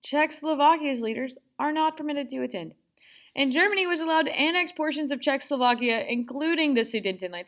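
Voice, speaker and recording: A young woman talks through a history lesson in a casual, conversational way. Her voice sits a little high. She keeps it chatty and sarcastic, acting out quotes with playful asides. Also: animated, quick pace, fairly bright tone. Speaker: teacher.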